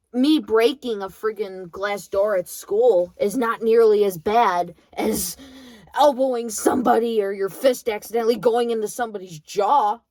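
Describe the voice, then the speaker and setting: A woman's voice: mid-range voice, a little mellow, dry recording. A young woman in college venting bluntly about her grandmother, swearing freely in a bitter monologue. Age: young adult. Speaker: vlogger.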